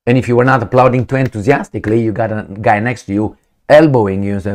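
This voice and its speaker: Blunt middle-aged man, somewhat low voice, rambling vlog commentary full of fillers. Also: fast, a little mellow. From Romania. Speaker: vlogger. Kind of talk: opinion commentary.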